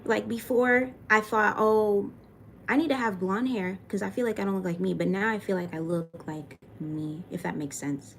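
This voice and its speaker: A young woman from Florida talks straight to her live-stream viewers, answering their comments in a loose, profane, venting way. Her pitch sits in an ordinary middle range for a woman. A faint hum of room ambience lingers under her voice. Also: normal speed, vocal fry. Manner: frank and profane, venting, reads comments aloud. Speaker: livestreamer answering chat. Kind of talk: casual live-stream chat.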